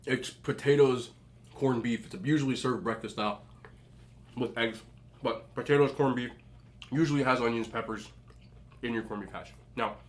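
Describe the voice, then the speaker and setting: A man's voice: mid-range voice, moderate pace, pauses often. A young adult man telling chatty stories as a mukbang vlogger, eating and talking with his mouth full. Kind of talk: casual storytelling while eating.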